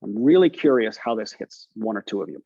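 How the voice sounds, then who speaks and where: A man's voice: fairly low pitch, big pitch swings, a little fast, dull audio, slight background noise. A man coaching real estate agents on a group video call, encouraging them and asking them questions. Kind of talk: coaching session talk.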